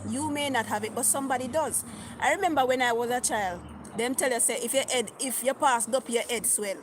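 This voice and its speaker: A middle-aged woman with a Jamaican accent talks a little fast on a phone livestream, chatting, mixing patois and reading comments aloud. Her voice is on the high side, with a little hiss or hum in the audio.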